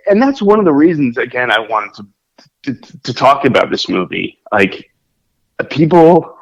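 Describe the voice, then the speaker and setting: A man talks in a casual podcast chat, rambling through fillers and restarts. His pitch swings widely as he gets animated. The recording sounds dull and lo-fi. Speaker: podcast co-host. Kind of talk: casual chat about films.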